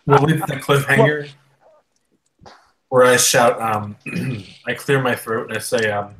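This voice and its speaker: A playful man player jokes around at a game table in casual chat. His voice sits in a middle pitch over faint background noise on the line. He sounds relaxed and chatty. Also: measured pace, roomy sound. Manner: playful, jokey.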